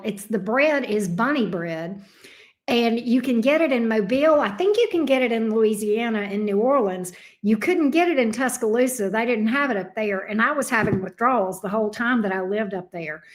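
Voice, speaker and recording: Chatty Southern woman, fairly high voice. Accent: Southern US, Alabama. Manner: chatty and rambling, reacting to viewer comments. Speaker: tarot reader and live stream host. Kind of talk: casual live-stream chat with viewers.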